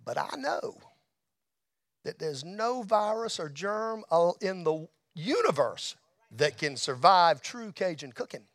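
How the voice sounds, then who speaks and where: High-voiced folksy preacher man. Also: lively intonation, a little slow. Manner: folksy storyteller, drops to a hush at tender moments, rises to shouts. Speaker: motorcycle ministry speaker. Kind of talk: testimony sermon storytelling. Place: church hall.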